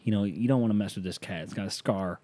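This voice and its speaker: Man, podcast host, casual rambling monologue, joking, mellow dark tone. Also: on the low side, quick pace. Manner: rambling, joking, addresses listener directly.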